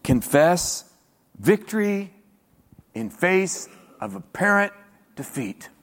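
A high, lively male pastor preaching in a church, with a voice that leaps between low murmurs and high shouts. He often repeats words as he drives each point home. A long hall reverb trails every phrase. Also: slow, creaky. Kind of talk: sermon.

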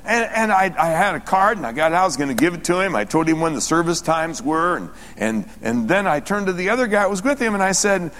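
A male pastor delivers a sermon in a lively, swinging voice that sits a little high for a man. He tells his stories animatedly, acting out the dialogue, and his voice rings through the long reverb of a church sanctuary. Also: fast talker, few pauses. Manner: animated storytelling, rising excitedly and retelling dialogue.

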